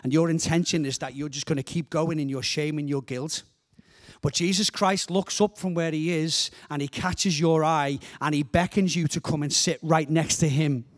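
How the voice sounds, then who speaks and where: A man's voice: on the high side, fairly even intonation, moderate pace. A middle-aged man from England preaching a sermon as a guest speaker in a church, earnest and fervent, often repeating words as he builds a point.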